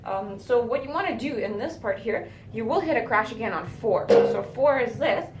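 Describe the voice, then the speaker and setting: A woman's voice: fairly high pitch, expressive, normal speed, very noisy. A woman teaching drum fills in a video lesson, explaining step by step and often checking in with "right?". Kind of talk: video lesson, counting rhythms aloud. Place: music school room with drums. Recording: echoey room with loud drumming.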